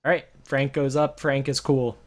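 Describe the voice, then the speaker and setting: A man narrating as game master of a tabletop game, relaxed and hesitant, with many fillers. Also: mid-range voice, moderate pace. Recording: muffled lo-fi recording.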